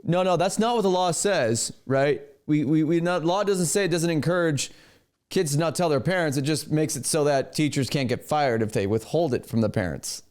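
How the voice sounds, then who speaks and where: A man hosting a reaction video in casual, animated commentary, often talking to his producer. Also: a little high, moderate pace.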